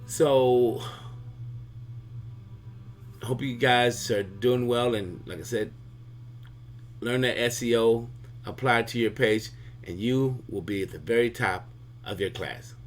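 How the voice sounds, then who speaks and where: A man's voice: medium pitch, slow pace, long pauses, a little hiss or hum. Chatty man explaining through analogies. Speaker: video host. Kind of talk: casual comic explainer.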